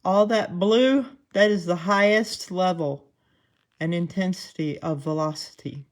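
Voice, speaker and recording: Slow-talking Southern woman with a twang. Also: on the low side. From Southern United States. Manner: chatty, laughs often, self-deprecating. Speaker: host. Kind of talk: casual live commentary.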